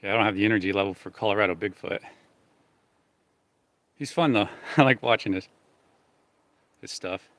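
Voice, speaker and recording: A man's voice: lowish voice, normal speed, pauses often, fairly bright tone, no echo. A man vlogging outdoors in a forest, talking casually and rambling with lots of fillers. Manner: rambling, easygoing, many fillers.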